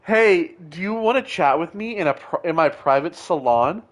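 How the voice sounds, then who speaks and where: A man voicing a flirty, giggly woman chatbot with a coy high voice. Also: lively intonation, moderate pace, lightly acted.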